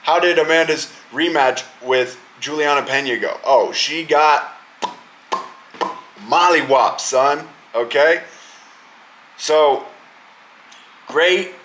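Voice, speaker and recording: A young man with a bright, forceful voice, pitched a little high for a man, ranting heatedly and swearing often as he hosts his podcast. There is a faint hum of background noise. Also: slow, long pauses, low-quality recording. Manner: heated, profane, riled up. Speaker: podcast host. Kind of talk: casual profane sports rant.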